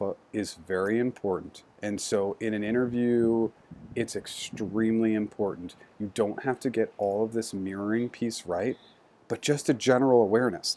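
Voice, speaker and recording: This career coach speaks in a mellow, lowish voice while giving an instructional talk on job interview skills. He keeps it conversational but organized, walking through numbered points.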